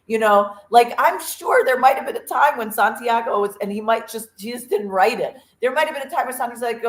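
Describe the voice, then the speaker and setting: A woman's voice: a little high, expressive, normal speed, reverberant, rough recording. A woman co-hosting a casual motivational chat, earnest, telling stories and acting out quotes. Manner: earnest, storytelling, acts out quotes. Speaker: co-host.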